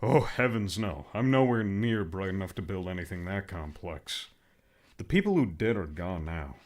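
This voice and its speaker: A patient but fussy friend explains things and scolds mildly, as a man puts him on. The voice is a bit low and lively in its pitch. It comes from a one-narrator audiobook. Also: normal speed. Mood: explaining.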